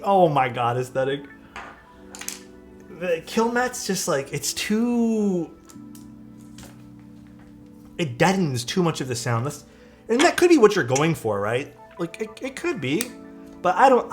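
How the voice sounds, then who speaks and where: Chatty young man live-streaming a build. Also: on the high side. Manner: chatty, answers chat while working, loose filler-heavy talk. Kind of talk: casual live-stream chat. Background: faint music.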